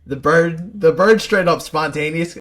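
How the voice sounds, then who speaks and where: A man co-hosting a podcast, telling animated stories full of slang. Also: on the high side, unhurried. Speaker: podcast co-host. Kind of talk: casual chat.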